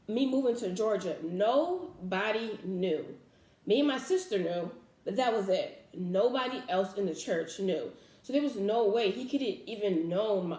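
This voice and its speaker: A woman's voice: medium pitch, darkish tone, reverberant. A young woman vlogger telling a personal faith story in casual talk, earnest and emotional, full of fillers and restarts.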